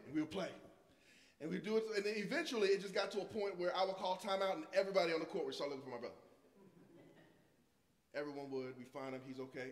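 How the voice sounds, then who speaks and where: A man, preaching a sermon through personal stories, swinging between loud passages and hushed ones. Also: a little high, rapid-fire. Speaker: guest preacher. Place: church sanctuary. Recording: echoey church hall with long reverb.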